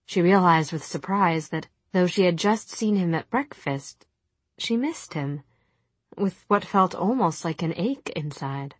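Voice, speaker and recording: A woman narrating a novel as an audiobook, with a steady, expressive reading. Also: lowish voice, unhurried, slightly rough, no room sound.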